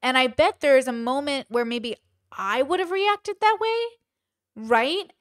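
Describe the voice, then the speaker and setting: A woman's voice: high-pitched, lively intonation, measured pace, no room sound, clean studio sound. A woman hosting a commentary channel, telling a personal story candidly in casual talk and acting out quoted lines.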